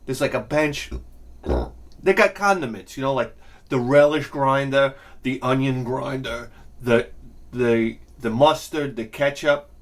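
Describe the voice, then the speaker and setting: A man hosting his own video, telling a profane, comedic ranting story that swings from low mutters to shouting. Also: a little slow. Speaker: video host.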